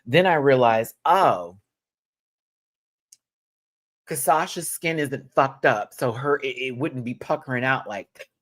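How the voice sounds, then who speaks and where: Bright-voiced animated man reviewing a show. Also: slow pace, long pauses. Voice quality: expressive, animated, swings into high exclamations. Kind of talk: casual commentary.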